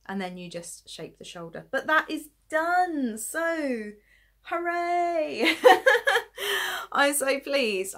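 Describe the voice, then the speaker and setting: A woman's voice: mid-range voice, a bit bright. A woman chatting casually about her knitting projects late at night, tired and yawning, rambling and poking fun at herself as she shows her work. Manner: chatty and rambling, self-deprecating, giggly. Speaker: knitting podcast host. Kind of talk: casual chat showing knitting to camera.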